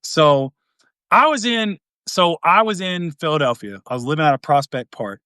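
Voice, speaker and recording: A man hosting a podcast, telling a long dating story in a casual, animated way, acting out the quotes with big swings in pitch and volume. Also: moderate pace, clean tone, no echo, clean studio sound. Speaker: podcast host.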